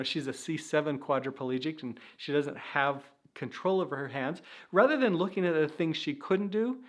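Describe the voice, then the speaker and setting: A man hosting an inspirational faith-based talk, speaking earnestly and encouragingly straight to the viewer, pausing to reflect now and then. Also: on the high side. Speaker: self-help video host.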